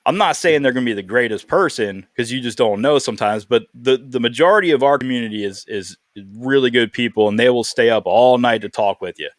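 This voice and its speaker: A man's voice: medium pitch, fairly quick, hardly any pauses, dry recording, clean studio sound. A man hosting a podcast, talking in a casual, earnest way and telling a heartfelt story. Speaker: podcast host.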